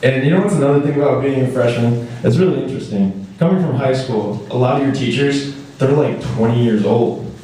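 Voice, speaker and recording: A young man performing a stand-up comedy set, rambling and acting out characters in quick put-on voices. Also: mid-range voice, warm tone, slight background noise. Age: young adult. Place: comedy stage in a hall. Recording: echoey hall, mic far off.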